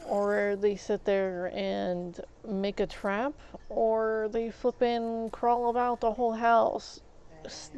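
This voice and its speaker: A woman's voice: mid-range voice, vocal fry, mellow. A woman streamer giving casual gameplay commentary, venting in exasperation and restarting her words as she talks. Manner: exasperated venting, stammering restarts, mild swearing.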